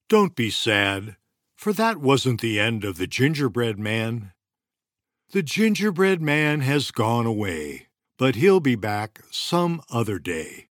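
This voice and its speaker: A man reading a children's story aloud in an expressive storytelling manner. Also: mid-range voice, takes it slowly, no echo, studio quality.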